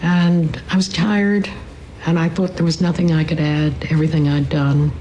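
A woman's voice: sits low, little pitch movement, normal speed, dark tone, dull audio, slight background noise. An older woman reminiscing in an interview, reflective and tender as she tells her story.

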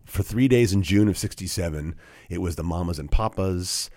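A man's voice: low voice, moderate pace, darkish tone, no echo. Canadian man hosting a college radio show. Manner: chatty, with frequent fillers and restarts. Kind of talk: casual radio chat. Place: radio studio.

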